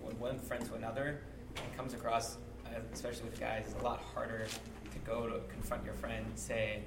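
A man's voice: medium pitch, completely flat delivery, a little fast, echoey room, distant mic, heavy background noise. A man in a discussion who sounds hesitant and searches for words. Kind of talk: casual discussion.

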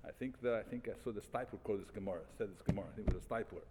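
A man teaching a Talmud class, reading passages and restating them in animated, repeated phrases. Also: on the low side, very fast, long reverb tail, noisy background. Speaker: Torah teacher.

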